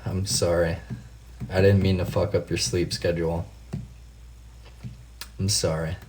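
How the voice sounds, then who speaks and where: Deep-voiced man chatting on livestream. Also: a little mellow. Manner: chatty, laughing, swears freely, reads out viewer comments. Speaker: livestream host. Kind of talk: casual late-night livestream chat.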